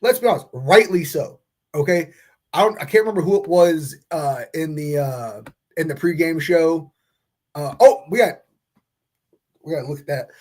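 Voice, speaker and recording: A man's voice: fairly high pitch, normal speed, long pauses, darkish tone. A man co-hosting a post-game podcast, rambling with many fillers and restarts. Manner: rambling, filler-heavy, chuckling. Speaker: podcast co-host. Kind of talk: excited post-game chat.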